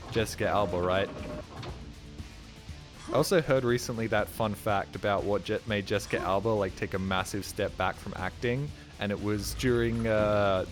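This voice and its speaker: A man streaming a video game live, tired and rambling, joking and swearing as he plays. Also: on the low side. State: tired, ears ringing. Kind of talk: casual live gameplay commentary. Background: game music.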